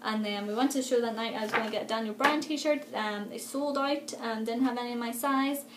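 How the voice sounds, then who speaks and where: A young woman, chatting excitedly in a casual vlog, full of fillers. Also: a little high, a little fast. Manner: chatty and gushing, many fillers, laughs often. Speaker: vlogger. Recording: echoey room with faint background noise.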